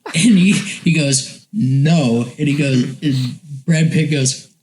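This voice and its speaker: A young man co-hosting a podcast in casual chat, retelling a story with animated delivery and laughter. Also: a little high, slow, low-quality recording. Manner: animated storytelling, laughing, doing movie lines. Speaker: podcast co-host.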